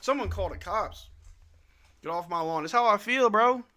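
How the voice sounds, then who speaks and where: Animated, bright-voiced streamer calling the game. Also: male voice, high-pitched, normal speed. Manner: excitable play-by-play mixed with joking asides, says "bro" often. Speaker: live stream host. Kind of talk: casual live game watch-along commentary. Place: at home.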